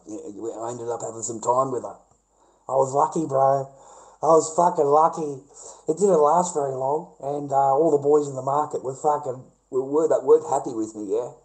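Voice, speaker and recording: A man's voice: mid-range voice, fairly even intonation, normal speed, darkish tone, rough recording. An Australian man rambling through a livestream monologue, swearing constantly, repeating himself and calling listeners mate and bro.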